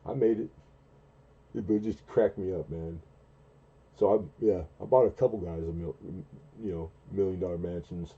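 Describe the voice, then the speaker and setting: Heard with phone-quality sound, a man in his forties hosts a casual late-night livestream, his breathy-edged voice wandering through a long story. He halts often, fills gaps with filler words, restarts sentences, and performs quoted lines in a far higher, louder voice.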